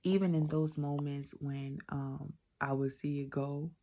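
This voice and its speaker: Low gravelly woman telling her story. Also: a little slow. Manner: animated, repeats phrases, drops to whispers for emphasis. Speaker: vlogger telling a personal testimony. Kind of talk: casual storytelling.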